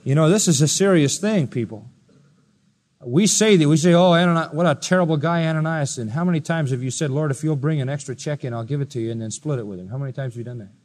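A preacher delivering a sermon, firing rhetorical questions at listeners, swinging from loud high exclamations to quiet low asides. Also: male voice, fast, in a large hall. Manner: emphatic, rising to loud high-pitched exclamations then dropping quiet.

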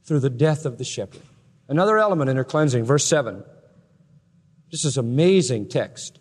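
A man preaching an expository sermon, swinging from loud proclamation to hushed emphasis. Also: mid-range voice, expressive, normal speed, long pauses, husky. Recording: long hall reverb.

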